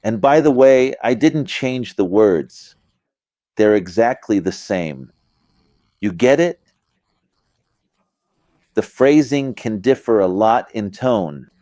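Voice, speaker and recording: In a dry recording, a middle-aged man explains religious ideas in an informal, conversational lecture, pausing often to ask "you get it?" and emphatically acting out phrasings. His voice is lowish and warm with lively intonation, taking it slowly with long pauses.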